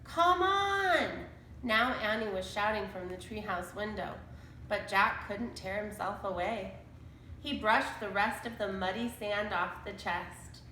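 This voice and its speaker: A woman reading a children's chapter book aloud in a slow, deliberate storytelling manner. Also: medium pitch, fairly even intonation, bright, forceful tone, echoey room, slight background noise, poor audio. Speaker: storybook reader.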